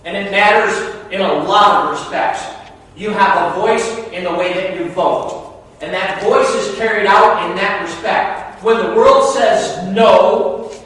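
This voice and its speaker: A male pastor delivering a sermon, his voice pitched high for a man. He drops to near hush and then builds to loud, emphatic appeals. The sound comes from a distance in a long, echoing church hall. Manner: swings from hushed to loud and emphatic. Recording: echoey hall, mic far off.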